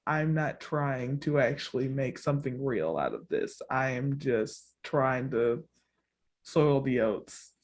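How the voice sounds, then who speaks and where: A woman co-hosting a podcast, casually recapping a dating show with lots of laughter and acted-out quotes. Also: slow pace. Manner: animated storytelling, acts out quotes with big pitch jumps; laughs often, fills with "like" and "all the things". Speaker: podcast co-host.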